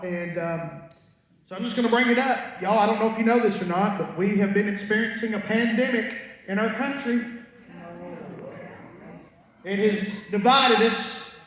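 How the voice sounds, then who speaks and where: A man's voice: high voice, fairly bright tone. A man doing a stand-up set, telling folksy stories with punchlines and asides to the crowd. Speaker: stand-up comedian. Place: large concert hall with a live crowd. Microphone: stage mic heard from far off in the audience. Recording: echoey hall recorded from far back in the audience.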